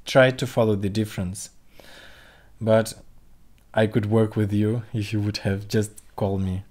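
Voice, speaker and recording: Man, language teacher, slow deliberate delivery, lowish voice, repeats sounds for learners. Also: level tone, darkish tone. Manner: slow, careful, demonstrates pronunciation by repeating sounds. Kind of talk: livestreamed vocabulary lesson. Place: home room, streaming. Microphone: computer mic on a livestream.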